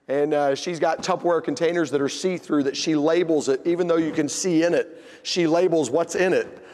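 A man telling a humorous family story in a sermon, folksy and animated. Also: fairly high pitch, brisk, big-room sound. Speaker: pastor.

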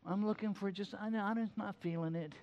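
A man's voice: sits high, steady tone, brisk, a little hiss or hum, voice pushed up. A man mimicking a sulky, hard-to-please young churchgoer who mumbles and drags out complaints. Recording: slightly muffled sermon recording.

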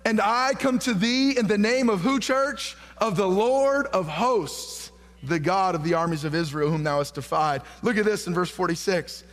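A man's voice: sits high, normal speed. A male pastor preaching a sermon, reading scripture aloud and calling questions out to the congregation, building to fervent emphasis. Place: church sanctuary. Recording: long hall reverb.

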